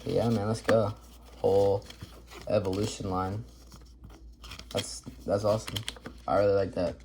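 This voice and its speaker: A man's voice: fairly low pitch, little pitch movement, unhurried, background noise. A man hosting a casual card-opening video, upbeat and chatty, rattling off card names as he goes. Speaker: card collector video host. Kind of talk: casual pack-opening commentary.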